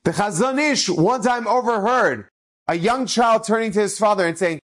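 A man's voice: high voice, normal speed. A man, a rabbi, telling inspirational stories in a Torah talk, acting out the quoted speech. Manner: animated, acts out quoted speech.

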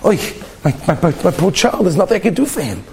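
A desperate mother, as a male storyteller puts her on, pleading and tearful, with a pitch a little above the average man's. she's a mother holding on to hope for a sick child, and she says her lines straight and earnest. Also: very animated, quick pace, creaky, darkish tone, exaggerated voice. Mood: distraught.

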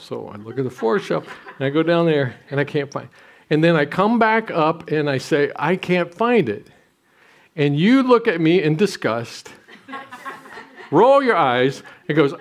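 A man's voice: on the high side, lively intonation, normal speed. A man in his sixties preaching a sermon, telling stories with self-deprecating humor and some restarts. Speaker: pastor.

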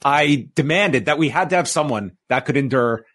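A man hosting a wrestling-review podcast, announcing new hosts in a measured way with frequent pauses. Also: mid-range voice, fairly bright tone. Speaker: podcast host.

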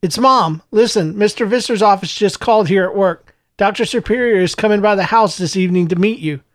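A man voicing a loving, busy working mother giving quick instructions over the phone. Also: sits high, dry recording, studio quality, close to an everyday voice. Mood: brisk.

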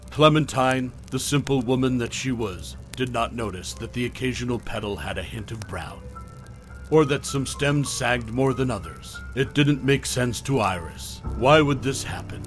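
A man giving a measured, scripted narration of a horror story. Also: medium pitch, faint music behind.

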